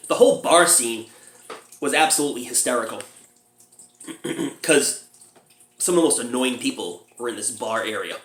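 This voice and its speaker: A man's voice: lively intonation, moderate pace, pauses often, a bit bright. Laughing man reviewing a movie, echoey room. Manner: laughs often while retelling scenes, mimics characters in high squeals.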